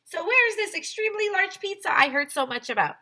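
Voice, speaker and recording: A woman's voice: very high voice, expressive, fast talker, pushed and bright, voice pushed up, exaggerated voice. A woman voicing a prim, cheerful English lady who checks world records, in an exaggerated posh storybook voice. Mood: chirpy.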